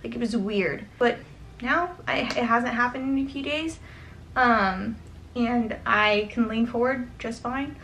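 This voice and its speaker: A young woman vlogger sits and gives an update in an earnest, chatty way, dropping "like" often. Her voice is slightly high, a bit slow and somewhat bright, and she's growing emotional, near tears. The audio is poor, with slight background noise.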